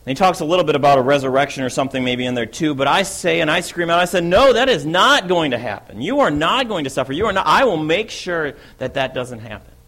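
In this first-person monologue, a man plays the apostle Peter, impulsive and keen, recounting his story vividly and surging faster and fuller when excitement takes hold. The voice sits high and comes rapid-fire with hardly any pauses.

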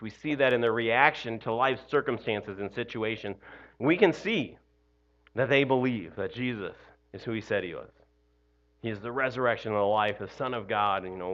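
Muffled recording of a man with a mid-range voice. He is a pastor at an Easter morning service, speaking conversationally, repeatedly adding "you know" and "right?", and laughing self-deprecatingly.

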